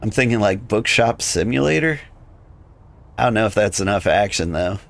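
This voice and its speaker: A man's voice: lowish voice, moderate pace, creaky. A man chatting casually and rambling while streaming a game, his voice tired and wearing thin, with lots of filler words. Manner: rambling, relaxed, many "like" fillers. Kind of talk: casual live-stream chat while playing.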